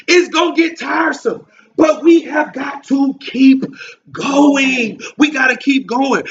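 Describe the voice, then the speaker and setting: A man preaches with a very high voice that climbs into shouts on key lines and calls for answers back. He sounds distant from the mic. The recording is dull and lo-fi. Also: takes it slowly. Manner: call-and-response preaching, shouting emphatic lines. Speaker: pastor. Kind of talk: sermon.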